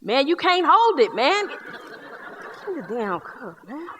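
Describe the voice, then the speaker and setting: A woman's voice: high-pitched, very animated, slow pace, noisy background, voice pushed up, full character voice. Woman playing a streetwise Southern man, joking slang, boisterous, live stage, long hall echo. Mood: playful. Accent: Southern US (North Carolina). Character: boisterous young Black man recalling Kool-Aid. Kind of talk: one-person stage show. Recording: live theater hall reverb.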